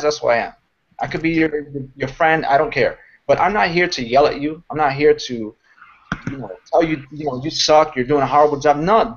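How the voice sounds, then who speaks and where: Animated man giving a leadership pep talk. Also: fairly high pitch, highs cut off. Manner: animated, rambling, mocks shouting voices. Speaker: network marketing mentor. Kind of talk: casual motivational talk.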